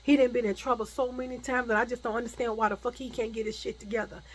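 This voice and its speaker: A woman voicing a steady, protective man who reassures a friend, repeating his promises. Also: fairly high pitch, quick pace, slight background noise, lightly acted. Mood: reassuring.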